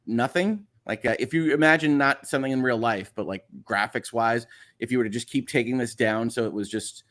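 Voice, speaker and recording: A slightly nasal Chicago accent marks this livestream host, who speaks a little fast in a medium-pitched, slightly bright voice. He reads viewer messages aloud and rambles casually, with frequent "uh" fillers and restarts.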